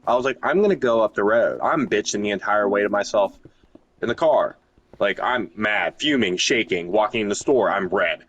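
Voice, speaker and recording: A man's voice: on the low side, expressive, normal speed, a bit bright, lo-fi sound. A young man from Ohio tells a long, crude story in a loose, rambling way, cursing freely. It sounds like casual chat between friends while a game runs.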